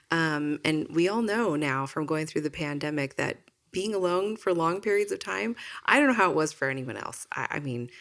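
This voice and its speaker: Female podcast co-host, low voice with a gravelly fry, reflective and thinking aloud. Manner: reflective, thinks aloud with hedges and soft laughs. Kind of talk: casual conversational chat.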